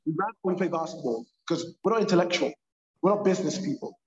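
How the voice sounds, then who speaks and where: Fast-talking London man, echoey. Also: fairly high pitch. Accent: London English. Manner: animated, emphatic storyteller. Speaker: purpose coach, podcast guest. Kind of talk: casual podcast conversation. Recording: echoey, dull lo-fi sound.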